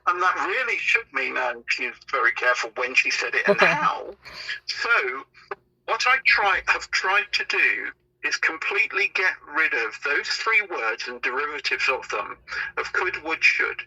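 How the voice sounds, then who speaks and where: A man talks through a podcast interview in a loose, anecdotal way, often starting over mid-sentence. His voice is very bright and forward, with a husky edge. He sits a little high for a man. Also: sing-song, moderate pace, rough recording. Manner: rambling and anecdotal, with frequent restarts. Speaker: podcast guest.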